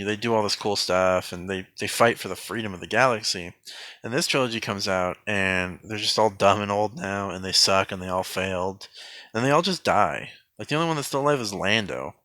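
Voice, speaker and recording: A man giving a sarcastic mock film review in a deadpan, rambling way, full of fillers and restarts. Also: on the low side, no room sound.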